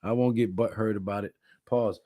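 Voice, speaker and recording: Mellow-voiced tired male stream host. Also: on the low side, fairly even intonation, normal speed, no echo, clean studio sound. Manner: laid-back, reads chat comments aloud. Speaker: livestream host. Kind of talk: casual live-stream chat.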